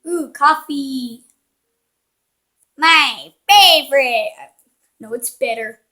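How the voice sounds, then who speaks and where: A woman's voice: sits high, drawn-out words, sharp tone. A woman commenting casually while playing a video game, playful and cheeky, teasing the characters on screen. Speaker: gaming channel host. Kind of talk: casual let's-play commentary.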